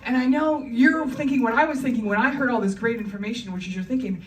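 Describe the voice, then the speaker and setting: A woman's voice: on the high side, quick pace, recorded from a distance. A woman doing a stand-up comedy set on a club stage, chatty and wry, often laughing between lines. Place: comedy club stage before a live audience. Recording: roomy live club recording, crowd and ambience behind.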